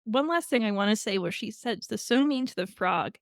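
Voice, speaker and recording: Woman, podcast co-host, higher voice, animated storytelling, dry close mic. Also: brisk, dry recording. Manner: animated storytelling, retelling a tale with quoted lines and laughs. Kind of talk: casual chat.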